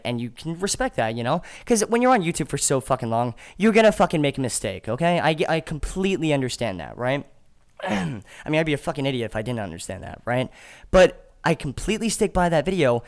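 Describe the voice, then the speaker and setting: Podcast guest, male, defensive and profane, trips over his words; slightly high voice. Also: very animated, fairly quick. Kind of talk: heated argument on a podcast.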